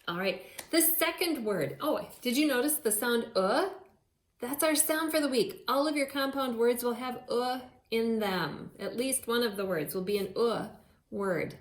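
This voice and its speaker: A woman teaching a phonics lesson to young children, sounding out words in a slow, sing-song way. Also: on the high side. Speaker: elementary school teacher. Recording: echoey room.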